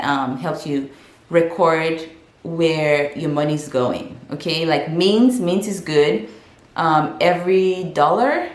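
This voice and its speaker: Chatty young woman from Africa, echoey room. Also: fairly low pitch. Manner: frank, chatty, lots of fillers and restarts. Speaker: vlogger. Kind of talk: casual advice vlog.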